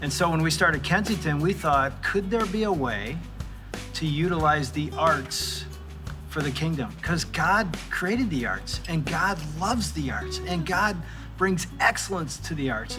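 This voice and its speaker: A man in his sixties, a pastor, telling the story of his ministry in a casual, animated way. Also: a little high. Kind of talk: church service talk and testimony.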